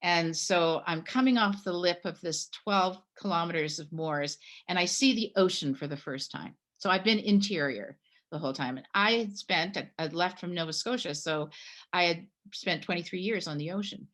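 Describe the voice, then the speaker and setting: A middle-aged woman from Canada, a guest telling a personal story in a conversation, animated and acting out the dialogue. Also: lowish voice, moderate pace. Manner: animated storyteller, acts out her own past dialogue.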